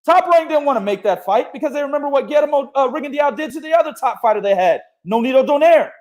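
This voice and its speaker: High-pitched young dude hosting a boxing podcast, swears a ton, laughs a lot. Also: male voice, fast. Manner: animated, swears freely, laughs often. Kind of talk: casual profane boxing talk.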